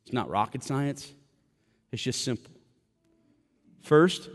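A man's voice: medium pitch, expressive, takes it slowly, big-room sound. A man preaching a sermon in a church, impassioned and direct, with a joking aside now and then. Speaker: pastor. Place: church sanctuary.

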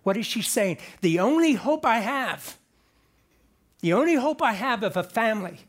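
A man with a fairly high voice preaches a conversational sermon. He retells scripture like a lively storyteller, slipping in jokes and restarting his sentences as he goes. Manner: animated storyteller with joking asides and frequent restarts.

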